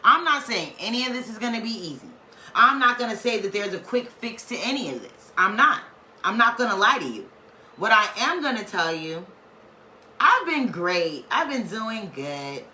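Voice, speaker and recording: A woman's voice: fairly high pitch, expressive, fairly quick, pushed and bright. A woman giving a casual weekly spiritual reading, talking in an emphatic, preachy, slangy and playful way. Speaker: spiritual tarot reader. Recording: echoey room, faint background noise.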